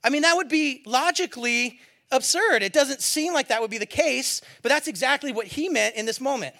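A man's voice: very high-pitched, brisk, vocal fry, sharp tone. A middle-aged man preaching a sermon as a pastor, in a conversational, joking way that acts out what people say.

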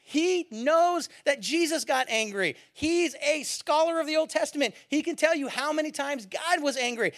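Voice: high-pitched, a bit bright. A pastor preaching a sermon with rising passion, building to fiery emphasis and then settling back.

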